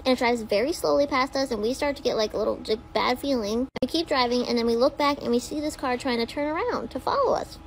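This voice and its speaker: High-voiced chatty young woman. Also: fast talker, hardly any pauses, a little hiss or hum. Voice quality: high, small-sounding voice. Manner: chatty, rambling with many "like"s. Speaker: content creator. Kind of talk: casual talking-to-camera vlog.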